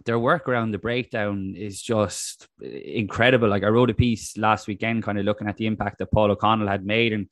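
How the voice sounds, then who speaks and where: A man's voice: lowish voice, fairly even intonation, brisk, few pauses, dry recording, clean studio sound. A young man, a rugby writer, talking in a rambling casual way with many restarts. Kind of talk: casual podcast chat.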